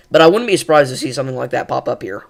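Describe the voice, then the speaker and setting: A man hosting live severe weather coverage, calmly reassuring viewers and thinking aloud with fillers as he reads radar. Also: medium pitch, creaky. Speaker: weather livestream host.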